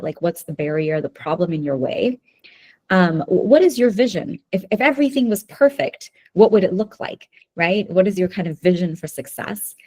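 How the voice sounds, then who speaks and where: Mellow-voiced woman presenting a webinar. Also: lowish voice. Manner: talks to the audience with frequent "okay?" and "right?" checks. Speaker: workshop presenter. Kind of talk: live webinar lecture. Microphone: video call.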